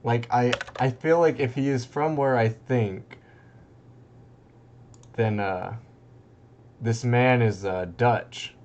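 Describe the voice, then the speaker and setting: A young man casting a strategy game tournament in a loose, rambling way, breaking into excited outbursts and laughter. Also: mid-range voice, takes it slowly, long pauses, lo-fi sound, a little hiss or hum. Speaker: tournament caster. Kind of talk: casual game commentary.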